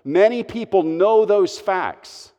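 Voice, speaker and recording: A man's voice: high voice, lively intonation, takes it slowly, warm tone, in a large hall. A man preaching a sermon as a pastor, earnest and emphatic, stressing his phrases.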